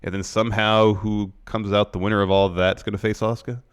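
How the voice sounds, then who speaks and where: A man co-hosting a podcast, recounting events in quick, plain run-downs during a casual recap chat. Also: lowish voice, flat delivery, smooth. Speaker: podcast co-host.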